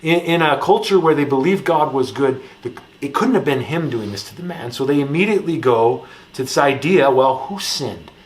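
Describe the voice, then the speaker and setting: A man in his thirties with an Upper Midwest American accent, preaching a campus ministry sermon in a relaxed storytelling way. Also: medium pitch, moderate pace. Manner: relaxed storytelling, lively when telling anecdotes.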